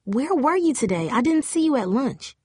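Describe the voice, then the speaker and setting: A woman's voice: sits high, big pitch swings, moderate pace, a little mellow, breathy edge, no echo, clean studio sound, voice pushed up, full character voice. A woman reading an audiobook, voicing a loyal, plain-spoken teenage girl who talks in earnest, casual slang. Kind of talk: audiobook character voice.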